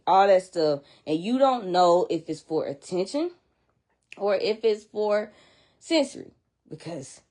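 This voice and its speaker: A woman casually explaining to viewers why children act out, talking chattily and emphatically and checking in with her listeners as she goes. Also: fairly low pitch. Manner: chatty and emphatic, repeats and restarts while explaining; addresses listeners directly, checking in with "okay?" and "you know what I'm saying?". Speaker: child behavior educator.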